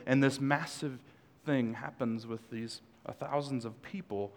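A man's voice: mid-range voice, steady tone, measured pace. A male pastor preaching a sermon in a church, conversational, with joking asides to the congregation. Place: church sanctuary. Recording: long hall reverb.

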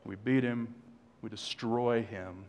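A man's voice: lowish voice, steady tone, slow pace, darkish tone. A male pastor preaching a sermon in a church, conversational, with joking asides to the congregation. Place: church sanctuary. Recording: long hall reverb.

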